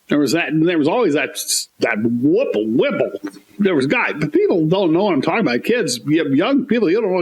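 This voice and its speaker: A man co-hosting a comedy podcast, talking in animated, rambling, mock-indignant rants. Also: on the high side, breathy edge.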